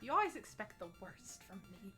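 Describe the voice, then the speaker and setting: A woman's voice: medium pitch, big pitch swings, brisk, pushed and bright, faint music behind. A woman playing a video game on a casual livestream, joking, swearing and apologizing. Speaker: co-host playing a game on stream.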